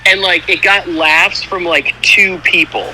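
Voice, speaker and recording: A man's voice: sits high, steady tone, measured pace, sharp tone, a little hiss or hum, low-quality recording. A man who is an actor, a guest on a podcast, explaining things earnestly in casual chat.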